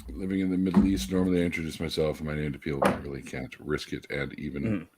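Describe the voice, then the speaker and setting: A man hosting a casual online chat show, speaking warmly to viewers in the live chat. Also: extremely low pitch, fairly even intonation, fast talker, very noisy. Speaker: podcast host.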